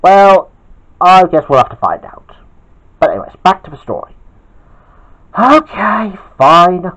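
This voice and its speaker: A man reading his own homemade story aloud, halting and chatty, with asides to his listeners. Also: fairly high pitch, very animated, lo-fi sound. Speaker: storyteller, channel host.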